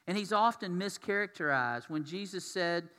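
A man's voice: high-pitched, animated, normal speed, pushed and bright. A man preaching a sermon as pastor, talking conversationally and putting questions to his congregation. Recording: long reverb of a large hall.

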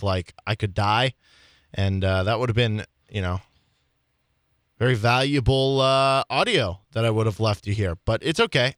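A man's voice: medium pitch, fairly bright tone, dry recording, studio quality. Chatty young male sports radio host. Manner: chatty, self-deprecating storytelling with laughs. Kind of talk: casual sports talk radio. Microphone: studio microphone.

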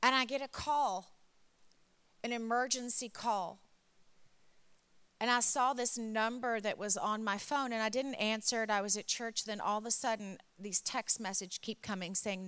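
Bright, clear woman telling a testimony. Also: mid-range voice, steady tone, moderate pace. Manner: emotional storytelling, builds to impassioned emphasis. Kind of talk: sermon testimony.

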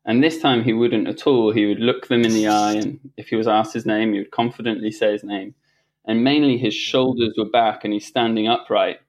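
A man, a podcast guest, telling a personal story in casual conversation, animated and reflective, often restarting his sentences and laughing. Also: fairly low pitch, brisk.

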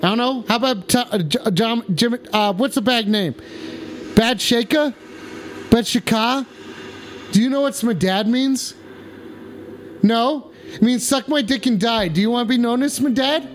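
A man giving profane, excited comedic commentary while high, yelling and rambling. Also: a little slow, long pauses, slight background noise.

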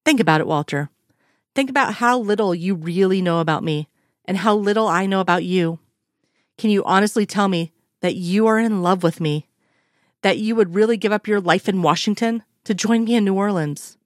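A woman's voice: medium pitch, moderate pace, dry recording, studio quality, natural voice. A woman voicing a frank, strong-willed woman. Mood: earnest. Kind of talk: fan fiction read aloud.

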